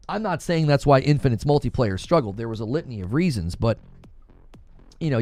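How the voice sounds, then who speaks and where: A man hosting a casual gaming news live stream, talking straight to his chat in an animated way. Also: a little high, dry recording.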